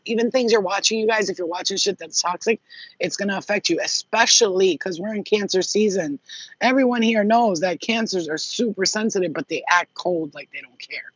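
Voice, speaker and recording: A woman's voice: medium pitch, fairly quick, slightly rough, dry recording, muffled recording. A woman casually giving a channeled psychic reading to camera, blunt and chatty, swearing freely and speaking straight to her viewers. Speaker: psychic reader.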